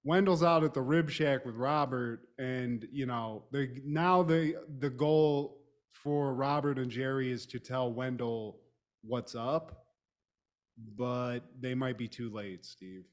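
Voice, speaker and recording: A man's voice: mid-range voice, takes it slowly. A man co-hosting a podcast, recapping a TV episode in a loose, profane, joking way. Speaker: co-host.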